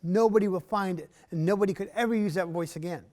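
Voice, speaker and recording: A man voicing an indignant male spirit bird who accuses people loudly, in an arts center performance space. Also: sits high, fast, lightly acted. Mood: angry, betrayed. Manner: accusing, rising to loud outbursts.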